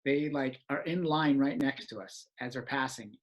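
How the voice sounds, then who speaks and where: Podcast host, male, animated casual storyteller who laughs a lot, mid-pitched voice. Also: normal speed.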